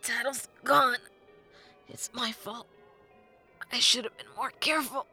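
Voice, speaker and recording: A woman voicing a brave young boy hero who cries out in strained, anguished shouts, as a character voice in an audiobook. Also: a little high, steady tone, unhurried, vocal fry, breathy edge, faint music behind, voice pushed up, heavily acted. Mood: despairing.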